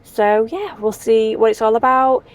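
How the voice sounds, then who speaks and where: A woman's voice: fairly high pitch, unhurried. A woman, chatting casually and rambling animatedly as she talks to her vlog audience. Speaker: vlogger.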